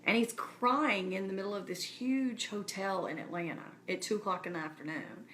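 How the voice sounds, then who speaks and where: A woman's voice: mid-range voice, normal speed, fairly bright tone, slight background noise. A woman speaking casually and earnestly to her viewers, encouraging them directly. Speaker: speaker addressing her community. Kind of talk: casual live-stream address.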